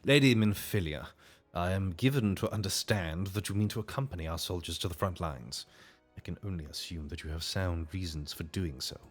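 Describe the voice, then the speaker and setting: A man voicing a stern woman admiral in a British accent, speaking in a formal, measured way. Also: low-pitched, soft background music. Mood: commanding.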